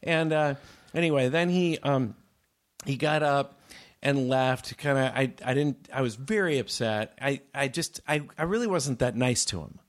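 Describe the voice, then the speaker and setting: A man casually telling a story in a chat, animated, acting out both sides of an argument. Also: medium pitch, measured pace.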